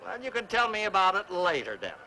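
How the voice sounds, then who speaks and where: An actor playing a short-tempered, pompous older neighbor in a 1960s sitcom. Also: male voice, sits high, huge pitch swings, fast talker, noisy background. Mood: exasperated. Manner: exasperated, pompous.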